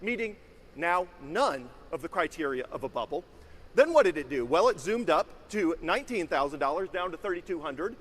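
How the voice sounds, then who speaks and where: A man giving scripted, measured narration in a lecture-like explainer clip that is being played back. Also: a little high, very animated, a bit bright, big-room sound.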